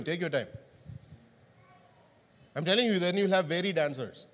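A man's voice: sits high, animated, quick pace, pauses often, a bit bright. A male pastor preaching a sermon, often asking the congregation questions. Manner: interactive, asks the congregation questions. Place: church hall. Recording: long hall reverb.

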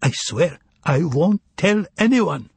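A man's voice: on the high side, sing-song, takes it slowly, gravelly, slightly rough, pitched above the performer's own voice, heavily acted. A man reading an audiobook voices an eccentric, overly polite male foreign stranger with a put-on foreign accent, drawing out his exclamations. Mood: furtive.

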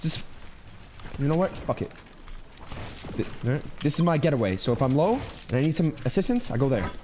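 A man's voice: sing-song, normal speed. Brash trash-talking young man. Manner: brash, taunting, swears constantly, swings between loud and low. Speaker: gaming streamer. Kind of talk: trash-talking live gameplay commentary. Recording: noisy stream audio with gunfire.

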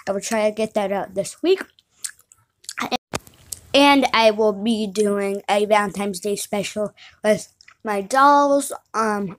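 A woman vlogger in casual chat, rambling with fillers and self-corrections. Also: mid-range voice. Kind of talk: casual home video chat.

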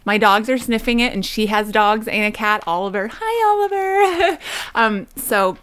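A woman in her thirties from Canada, chatting through a home unboxing vlog, bubbly and quick to squeal and laugh. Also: medium pitch, steady tone, sharp tone, smooth. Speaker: vlogger. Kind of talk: unboxing vlog, casual chat.

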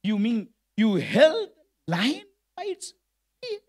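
A man preaching, putting on the quiet, doubting voice of an old king who questions a boy. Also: a little high, a little slow, breathy edge, voice pushed down. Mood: skeptical.

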